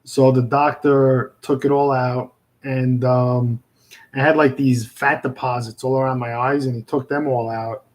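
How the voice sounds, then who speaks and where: A man with a Brooklyn accent hosts a casual livestream, talking straight to his viewers. His voice sits at an ordinary middle pitch. He rambles in a friendly way, circling back with plenty of fillers and restarts. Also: level tone, a little slow, rough recording. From New York. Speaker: livestream host chatting with viewers. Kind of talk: casual live chat.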